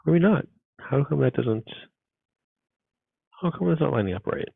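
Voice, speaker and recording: A man's voice: mid-range voice, lively intonation, normal speed, creaky, breathy edge, dry recording, narrow, tinny audio. A man teaching a programming class, thinking aloud as he codes and muttering asides to himself. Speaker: university instructor. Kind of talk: live coding lecture.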